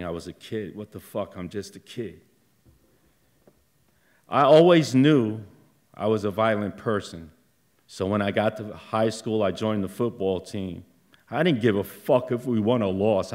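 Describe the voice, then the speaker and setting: A middle-aged man tells a personal story live in a theater with a fairly low-pitched voice, his delivery slow and halting but flaring up at times.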